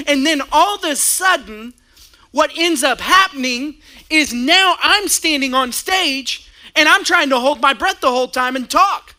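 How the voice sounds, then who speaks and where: A male pastor preaching from a church stage, with a high, very bright voice. He tells stories with lively energy and laughs often along the way. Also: a little slow. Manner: animated storytelling with frequent laughter. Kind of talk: sermon. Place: church stage before a congregation.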